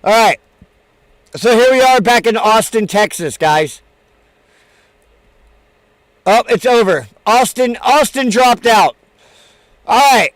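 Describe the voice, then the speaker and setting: High-voiced mocking stream commentator man. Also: animated, slow, pauses often, no echo. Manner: mocking, laughs often, loud outbursts. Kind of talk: casual live-stream commentary.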